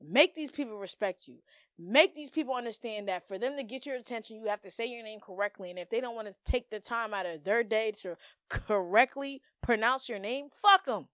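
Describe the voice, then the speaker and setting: A woman's voice: a little high, brisk, fairly bright tone, no echo, clean studio sound. A young woman hosting a podcast, giving blunt, profane, emphatic advice in slangy casual talk. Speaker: podcast host. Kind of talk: casual monologue.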